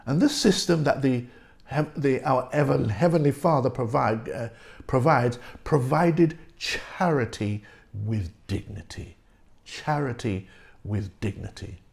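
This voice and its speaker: A man's voice: medium pitch, expressive, creaky. A male pastor preaching a sermon and reading scripture aloud, repeating key words for emphasis. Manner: reads scripture aloud slowly.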